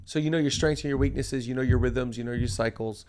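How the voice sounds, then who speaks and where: A man's voice: medium pitch, fairly even intonation, fast talker, a little mellow. A middle-aged man hosting a leadership podcast, talking in an emphatic, preacher-like way and repeating phrases for stress. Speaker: pastor and podcast host.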